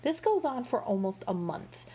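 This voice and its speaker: A woman's voice: fairly high pitch, very animated, normal speed, mellow, a little hiss or hum. A woman casually retelling a book series in a rambling, gossipy way, full of fillers like "like" and "you know.". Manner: exasperated, gossipy storytelling. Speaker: book reviewer. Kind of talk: casual chatty book review.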